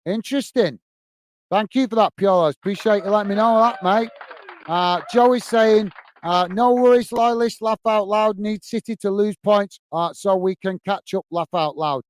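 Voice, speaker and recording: A man's voice: high voice, moderate pace, a little hiss or hum. A man from the UK hosting a live football fan stream, reading out viewer messages, thanking people by name and calling them mate, now and then flustered by his lagging computer. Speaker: host reading live chat. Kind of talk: casual live-stream chat.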